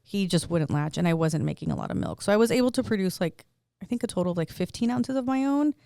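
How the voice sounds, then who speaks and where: Chatty young woman, clear voice. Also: mid-range voice, lively intonation, fast talker, warm tone, dry recording, clean studio sound. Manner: candid, chatty storytelling. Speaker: podcast host. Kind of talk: casual chat.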